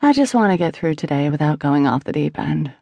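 Woman voicing a wry young widow, slightly gravelly. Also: sits low, lively intonation, brisk, warm tone, no room sound, full character voice. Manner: candid, wry, restrained sadness. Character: young widowed mother, former beauty queen, wry. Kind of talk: audiobook character voicing.

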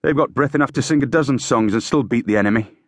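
A man's voice: mid-range voice, fast, sharp tone, dry recording, clean studio sound, pitched above the performer's own voice. A man voicing a cheerful, cocky eighteen-year-old army officer with a breezy, scornful manner.

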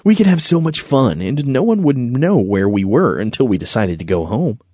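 A man voicing an eager, excitable young boy. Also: medium pitch, moderate pace, husky, dry recording, studio quality, pitched above the performer's own voice. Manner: excited, bouncy. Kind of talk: audiobook character voice.

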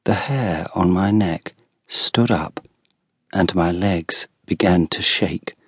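A man narrating a first-person story for an audiobook with clear, deliberate delivery. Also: sits low, fairly bright tone, dry recording. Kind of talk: scripted first-person narration of a graded reader.

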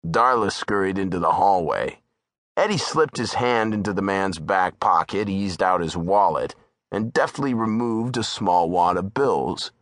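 A man's voice: sits low, animated, a little slow, a bit bright, no room sound, studio quality. A man narrating a thriller audiobook with tense, dramatic storytelling. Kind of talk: scripted narration.

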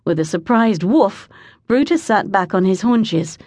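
Woman, audiobook narrator, expressive storytelling, lively pitch, dry close sound. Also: measured pace, no echo. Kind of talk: scripted narration.

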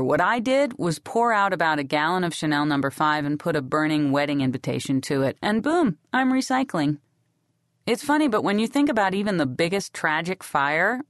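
Woman audiobook narrator, low voice, sardonic deadpan reading, dry studio sound. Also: dry recording. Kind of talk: scripted first-person narration.

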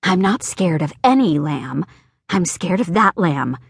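A woman voicing a timid, grumpy young girl who speaks low and sulky. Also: expressive, measured pace, gravelly, breathy edge, no room sound, clean studio sound, exaggerated voice.

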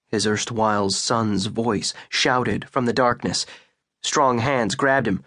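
A male audiobook narrator reading a suspense novel in a measured, deliberate way. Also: mid-range voice, fairly bright tone, slightly rough, no echo, studio quality. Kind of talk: scripted narration.

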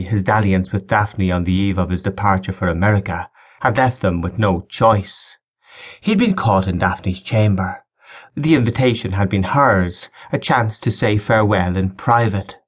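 A man giving a measured, dramatic audiobook narration of a historical romance. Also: low-pitched, slightly rough. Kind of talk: scripted narration.

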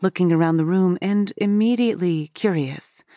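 A woman's voice: on the low side, normal speed, warm tone, no room sound, clean studio sound. A woman narrating a first-person story for an audiobook in an intimate storytelling manner.

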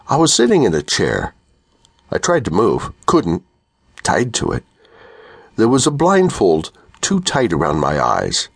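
Guy reading an audiobook in first person, lowish voice, swings a lot in pitch. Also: wildly swooping pitch, measured pace, vocal fry, slightly rough, dry recording, studio quality. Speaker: audiobook narrator.

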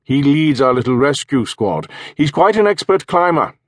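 A man's voice: a little high, big pitch swings, moderate pace, no echo, clean studio sound, voice pushed up. A man voicing a chatty, familiar villager.

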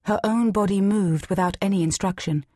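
A woman narrating an audiobook in a measured, steady reading. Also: mid-range voice, no room sound, clean studio sound. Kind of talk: scripted narration.

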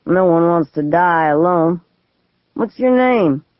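A woman's voice: lowish voice, animated, slow, dry recording. Woman voicing a drunk, unhinged lawyer. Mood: taunting. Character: drunk suicidal middle-aged male lawyer, unhinged. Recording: tinny phone-like, dry audio.

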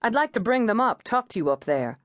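A woman reading an audiobook voices a steady female police negotiator, calm and coaxing. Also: fairly high pitch, a little fast, dry recording, clean studio sound, pitched above the performer's own voice.

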